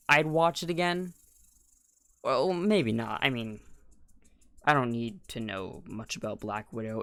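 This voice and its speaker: A man's voice: medium pitch, no echo. A young man co-hosting a podcast in casual chat, rambling and slangy, with a voice that keeps cracking. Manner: rambling, restarts, slangy, animated when incredulous. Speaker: podcast co-host.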